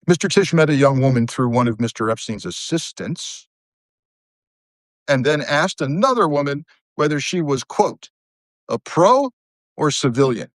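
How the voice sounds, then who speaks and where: A man's voice: medium pitch, dry recording. A middle-aged man from Southern Connecticut hosting a live stream, reading news items aloud and breaking off for sarcastic asides.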